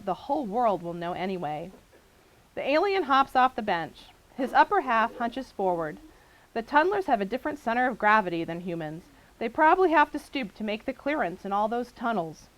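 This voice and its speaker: A woman author addressing a book signing audience and reading her novel aloud with a lively, expressive delivery. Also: mid-range voice, low-quality recording.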